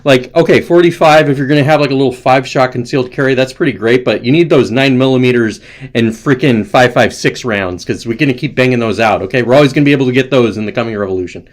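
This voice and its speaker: A man's voice: mid-range voice, fast. A man hosting a livestream, ranting with profanity and calling out chat viewers by name. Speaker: livestream host.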